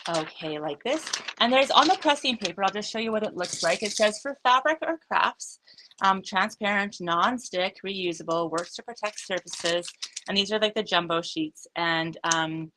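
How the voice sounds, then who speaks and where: A woman's voice: mid-range voice, lively intonation, normal speed, background noise. A woman hosting a live craft demonstration, chatty and upbeat, thinking aloud with frequent fillers. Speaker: craft studio host.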